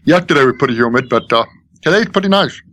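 A man in his fifties from Maine talks as a podcast guest, his pitch in a middle range. He speaks earnestly and hesitantly, with lots of uh and um. The recording is dry, with no room echo. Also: lively intonation, fast talker, a bit bright. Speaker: guest, school technology director. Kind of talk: podcast interview.

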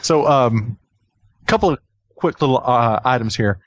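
A man's voice: mid-range voice, animated, unhurried, dry recording. A man hosting a podcast in easy casual chat. He often repeats himself and laughs along as he talks. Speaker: podcast host.

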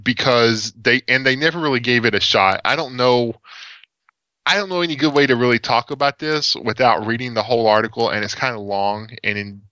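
A man's voice: medium pitch, fairly quick, sharp tone, clean tone, no room sound, dull audio. A man with an East Texas accent chatting casually about tech, rambling with lots of fillers and restarts. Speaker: podcast co-host.

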